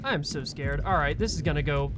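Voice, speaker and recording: A let's play gamer with a fairly high voice talks fast through a horror game, jumpy, swearing and yelping at the scares. Heavy background noise comes from the loud game soundtrack.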